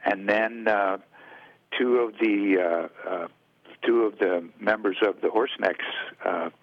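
Low-voiced guy from oregon on the radio, lots of uhs, kinda muffled and dry. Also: steady tone, takes it slowly, no echo. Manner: hesitant, many fillers and restarts. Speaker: guest, dance caller. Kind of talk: casual radio interview. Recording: dull radio line.

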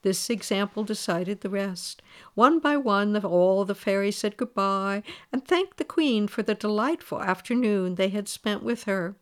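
A woman reading a fairy tale aloud, lively and expressive. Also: medium pitch, moderate pace, hardly any pauses, clean tone. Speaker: storyteller.

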